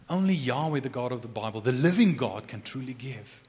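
A man preaching a sermon who drops to a hushed, intense tone and then rises to loud, emphatic proclamation, repeating key phrases for emphasis. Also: medium pitch, expressive, moderate pace. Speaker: pastor. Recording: long reverb of a large hall.

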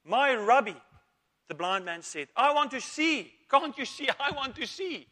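A man's voice: high voice, expressive, normal speed, full character voice. A man voicing a desperate blind male beggar who cries out and pleads over and over. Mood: eager. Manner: pleading, shouting repeated cries. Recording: long church reverb.

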